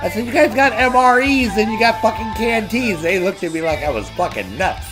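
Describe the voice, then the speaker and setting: A man telling profane, loud stories as a streamer, mocking others in high voices. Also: lively intonation, brisk, over music. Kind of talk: profane casual storytelling.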